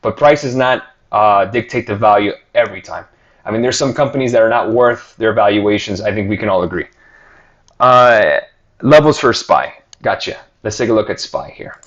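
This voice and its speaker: A man's voice: on the low side, moderate pace, highs cut off. Chatty man giving market commentary. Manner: conversational, filler-heavy, reads viewer questions aloud. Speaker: stock market show host.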